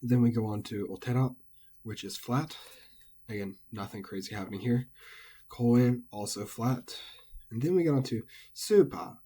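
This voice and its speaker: A man casually and methodically explaining Japanese pitch accent word by word as a language teacher. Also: moderate pace, warm tone, husky.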